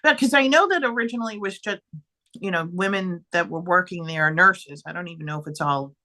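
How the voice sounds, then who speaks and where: A woman co-hosts a chatty podcast with a bright, forward tone. She gets animated, often exclaims, and lets thoughts trail off as she reacts to her friend. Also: on the low side, a little fast. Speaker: podcast co-host. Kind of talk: casual chat.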